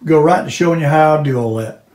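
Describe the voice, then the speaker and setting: A man's voice: on the high side, quick pace, a little mellow. An older man, talking in a folksy, chatty way as he hosts a casual fishing vlog outdoors by a lake. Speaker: fishing vlogger.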